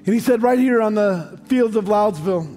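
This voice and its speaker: High-voiced American pastor preaching in a hall. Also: male voice, moderate pace, warm tone. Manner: storytelling, joking asides, rising to sung emphasis. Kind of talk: sermon. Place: large church hall. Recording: long hall reverb, faint music.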